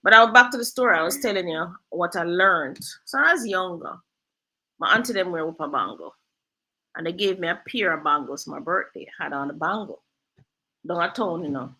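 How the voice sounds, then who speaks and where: Woman host, bright tone, chatty storyteller with patois. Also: on the low side, brisk, low-quality recording. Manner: lively storyteller, drifts into patois. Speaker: real estate agent and host. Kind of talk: casual storytelling chat.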